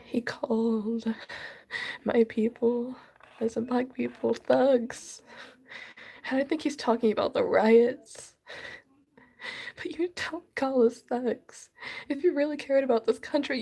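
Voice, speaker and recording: A woman on the edge of tears vents in an emotional vlog, her voice husky and gravelly with fry. She sighs often and sinks into whispers between outbursts. Her pitch sits a little high. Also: fairly even intonation, unhurried, long pauses, dark tone. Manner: tearful, sighing, dropping into whispers. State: crying. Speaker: vlogger.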